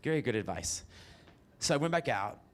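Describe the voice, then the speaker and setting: A man in his forties from the American South, telling brash, profane stories on a theater stage with sudden high squeals. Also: big pitch swings, moderate pace. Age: 40s. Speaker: stand-up storyteller. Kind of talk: stand-up comedy storytelling.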